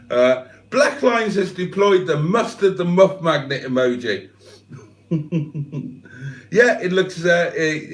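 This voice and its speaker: A man's voice: a little high, roomy sound. An older man hosting a livestream, reading out viewers' comments with jokey, self-deprecating banter. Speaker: livestream host. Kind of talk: casual live chat, reading out comments.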